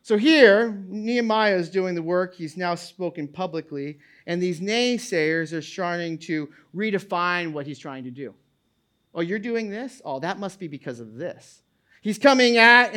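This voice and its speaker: A middle-aged male pastor preaching a sermon in an animated way, repeating words and restarting, booming out when he reads scripture aloud. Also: clear, resonant tone.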